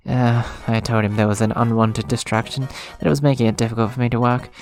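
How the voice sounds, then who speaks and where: A man's voice: mid-range voice, little pitch movement, quick pace, a little mellow, lightly acted. A man reading the lines of a wry, grumbling young male thief with a dry, sarcastic manner. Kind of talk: reading game dialogue aloud.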